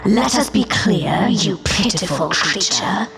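Casting: eerie soul-eating spirits, slow, drawn-out whisper, loud music behind. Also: female voice, medium pitch, animated, creaky. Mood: menacing. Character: menacing whispering spirit entities, cold, hungry for souls. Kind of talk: audiobook character voice.

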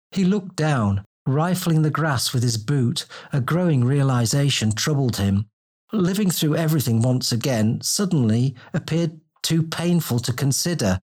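A man narrating a fantasy audiobook in a steady, descriptive storytelling manner. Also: medium pitch.

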